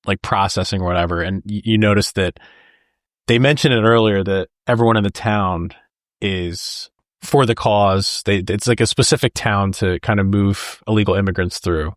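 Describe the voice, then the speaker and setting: A man's voice: fairly low pitch, moderate pace, no room sound, clean studio sound. A man co-hosting a podcast, retelling movie scenes in casual chat and acting out the lines with laughs. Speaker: podcast co-host. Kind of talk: casual film discussion.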